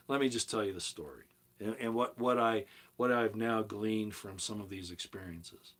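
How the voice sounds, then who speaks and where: An older man talking casually to his viewers, rambling and telling stories, jumping between loud emphatic points and quiet asides. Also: on the low side, normal speed. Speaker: video commentator.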